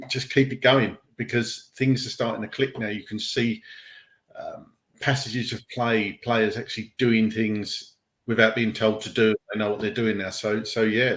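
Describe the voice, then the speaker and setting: A man, a guest on a football podcast, giving a measured, hesitant take full of ums. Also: fairly low pitch, little pitch movement, fairly bright tone. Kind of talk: casual football analysis.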